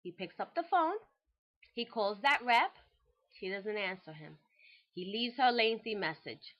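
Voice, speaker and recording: A woman hosting a real estate show, casually telling a client's story in an animated, chatty way. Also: fairly high pitch, moderate pace. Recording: dull lo-fi recording.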